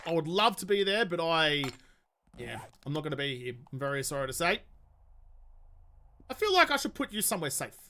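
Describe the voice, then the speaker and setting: A man's voice: fairly high pitch, big pitch swings, brisk, long pauses, bright, forceful tone. A young man chatting casually while streaming a game, swearing freely and answering viewer questions. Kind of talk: casual live-stream chat while gaming.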